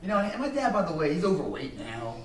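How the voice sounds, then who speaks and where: With a little hiss or hum on the recording, a high-voiced man speaks very animatedly and quickly. He delivers a fiercely emphatic motivational speech to business students, cursing freely, in an echoey hall picked up by a distant mic with faint ambience.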